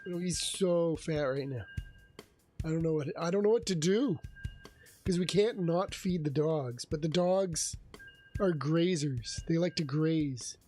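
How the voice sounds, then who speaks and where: A man's voice: on the high side, a little slow. A man streaming a game and chatting casually with viewers, laughing often as he tells stories. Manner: chatty, laughs often, talks softly to his cat. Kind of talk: casual livestream chat while gaming. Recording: game music playing behind.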